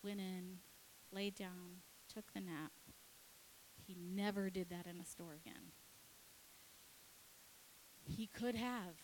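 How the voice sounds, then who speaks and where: A woman pastor preaching, telling a story with lively acted-out dialogue. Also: on the low side, a little hiss or hum, rough recording. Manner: animated, acts out her kids and herself in quick dialogue. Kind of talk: sermon storytelling.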